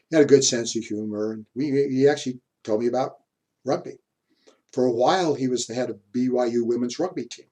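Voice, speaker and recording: A man's voice: medium pitch, dark tone. A man giving a university history lecture, telling personal stories in a chatty way and chuckling often. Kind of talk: classroom lecture with anecdotes.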